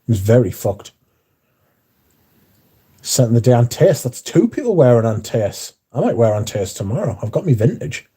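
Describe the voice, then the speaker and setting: A man's voice: medium pitch, very animated, normal speed, pauses often, mellow, husky. A man hosting a casual livestream, reading out chat messages in a blunt, mouthy way with frequent swearing. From not American. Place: bar, windy.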